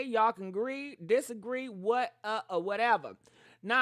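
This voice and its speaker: A woman hosts a gossip talk show, brash and profane, breaking into laughter as she goes. Her voice sits high and sounds sharp and bright. The recording is close and dry. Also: dry recording.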